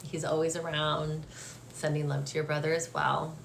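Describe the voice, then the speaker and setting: Soft-spoken woman giving a psychic reading. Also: low voice, level tone, moderate pace, creaky, slight background noise. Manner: hesitant, many fillers and restarts; soft, gentle and emotional. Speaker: medium. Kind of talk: live-stream psychic reading.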